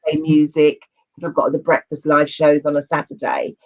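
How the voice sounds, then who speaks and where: A man with a slightly high voice speaks in a monotone at normal speed as a guest in a casual interview about men's mental health. He's earnest and rambling, often repeating himself, and the audio is dull and lo-fi.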